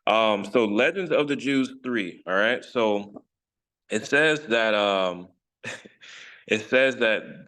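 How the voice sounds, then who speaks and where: A man's voice: on the low side, takes it slowly, a bit bright. A man teaching an informal scripture study, rambling and self-correcting with jokes along the way. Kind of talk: casual online study lesson.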